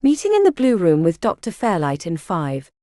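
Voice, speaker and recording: A woman's voice: on the low side, huge pitch swings, normal speed, warm tone, no echo, clean studio sound. A woman voicing a wry, joking young man, a fellow healer student.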